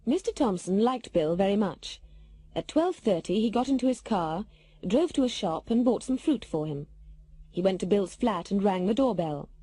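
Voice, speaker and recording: A British woman narrating a textbook story in a clear, careful reading style. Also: medium pitch, expressive, normal speed, mellow.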